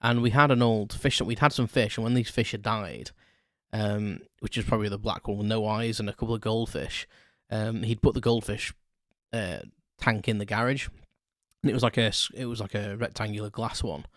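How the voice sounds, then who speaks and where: Telling stories from his childhood on his own podcast, a man rambles, corrects himself and chuckles as he goes. His lowish voice has fairly even intonation, a moderate pace and a slightly bright tone, captured in clean studio sound with no echo.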